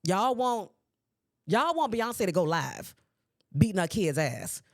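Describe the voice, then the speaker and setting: A woman in her forties hosting a podcast, ranting at her listeners in a sassy, animated way. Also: medium pitch, slow, no echo, studio quality. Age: 40s. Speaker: podcast host. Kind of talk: solo podcast commentary. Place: podcast recording space.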